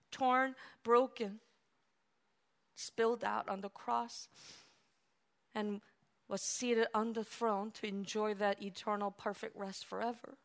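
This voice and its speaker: A woman pastor preaching a sermon, animated, swinging from hushed, quiet stretches to loud exclamations. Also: on the high side, vocal fry.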